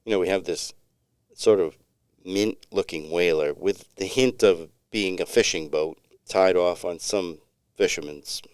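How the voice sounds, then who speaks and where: A man's voice: low-pitched, measured pace, hardly any pauses, a little mellow, smooth, no echo, studio quality. A middle-aged man co-hosting a podcast, telling a long story in a rambling, laid-back way with many restarts. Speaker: podcast co-host. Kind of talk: casual storytelling chat.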